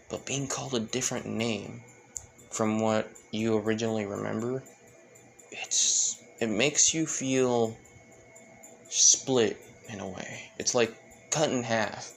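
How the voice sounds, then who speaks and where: A man's voice: mid-range voice, steady tone, takes it slowly, gravelly, slight background noise. A man voicing a comedic young male fighter who acts like a proud, tearful big brother, dramatic and over the top. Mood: explaining.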